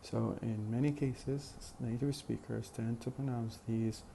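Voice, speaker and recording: A man's voice: mid-range voice, steady tone, a little slow, creaky, warm tone, a little hiss or hum. A man teaching a phonetics lesson in a methodical way, with many fillers and repeated examples. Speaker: phonetics lecturer. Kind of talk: recorded lecture.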